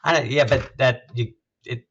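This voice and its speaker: A man's voice: mid-range voice, steady tone, a bit bright, slightly rough, dull audio. A man, a health system CEO, speaking thoughtfully as an interview guest, often restarting his sentences. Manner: thoughtful, measured, halting restarts. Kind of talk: conversational interview.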